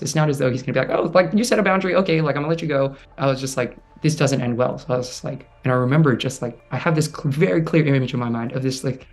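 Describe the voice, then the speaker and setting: Soft-spoken man telling a hard story. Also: mid-range voice. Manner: halting, soft-spoken, many fillers. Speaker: interview guest. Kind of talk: personal storytelling.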